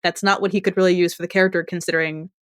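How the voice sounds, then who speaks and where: A woman's voice: fairly low pitch, level tone, very fast, no room sound, studio quality. A woman co-hosting a podcast, recapping a TV episode in a chatty, rambling way with restarts and laughs. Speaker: podcast co-host. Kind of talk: casual TV recap chat.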